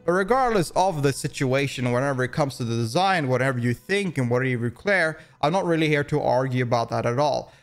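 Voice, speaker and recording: A man giving opinion commentary, rambling along with frequent restarts and fillers. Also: mid-range voice. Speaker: commentary YouTuber.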